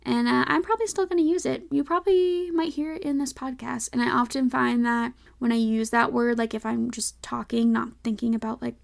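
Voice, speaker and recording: A woman's voice: a little high, steady tone, brisk, creaky, few pauses. A young woman with a light Southern American accent, hosting a casual solo podcast, chatty and full of "like" fillers and self-checking asides. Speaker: podcast host.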